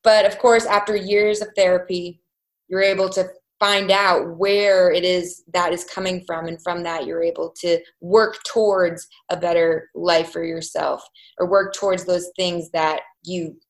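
A woman around thirty, telling her personal story as an interview guest in a candid, reflective way, halting at painful points. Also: lowish voice, steady tone.

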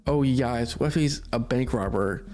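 A man's voice: medium pitch, normal speed, darkish tone, slight background noise, lightly acted. A man reading the lines of a blunt, teasing young woman in his own voice. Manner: teasing, mocking.

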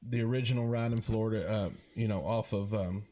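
Guy, low mellow voice, lots of uh and um, keeps restarting his sentences. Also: steady tone. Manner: halting, many fillers and restarts. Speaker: guest, board member of a first-responder charity ride. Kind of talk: casual interview talk.

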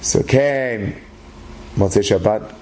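A man's voice: slow pace, slight background noise. A man telling a religious story aloud, acting out what the people in it say and lifting his voice at the tense turns. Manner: animated, rises in pitch at dramatic moments; acts out characters' lines in his own voice.

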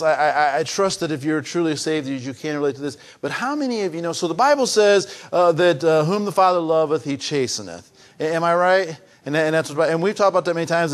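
Older male pastor with a high voice, preaching, swinging from emphatic to hushed, restarts phrases. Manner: swings between raised emphatic preaching and soft hushed confiding. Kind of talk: sermon.

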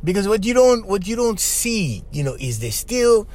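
A middle-aged man with a Hawaiian accent tells stories on his podcast in a loose, streetwise way, talking straight to his listeners. His voice sits a little high for a man and swoops up and down with a lot of expression. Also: moderate pace. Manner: animated, streetwise, addresses listeners as "bro". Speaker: podcast host. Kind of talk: casual storytelling.

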